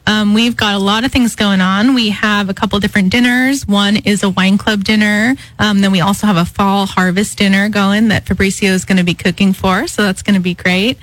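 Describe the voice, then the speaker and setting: A woman's voice: mid-range voice, steady tone, fairly quick, hardly any pauses, no room sound, low-quality recording. Friendly woman guest on dry studio mic. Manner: friendly, easygoing, agreeable. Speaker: winery general manager, studio guest. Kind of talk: radio interview guest. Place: radio studio. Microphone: studio microphone.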